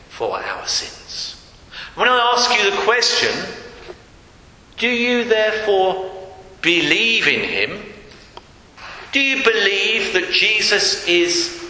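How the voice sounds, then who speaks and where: Slow, emphatic preacher in an echoey hall. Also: male voice, sits high, sharp tone. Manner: slow, emphatic, repeats key phrases. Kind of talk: sermon. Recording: echoey hall with long reverb.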